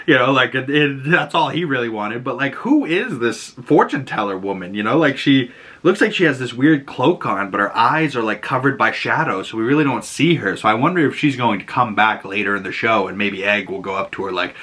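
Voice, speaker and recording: A man hosting a casual TV episode recap, excitable and quick to laugh and swear. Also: mid-range voice. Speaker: show host.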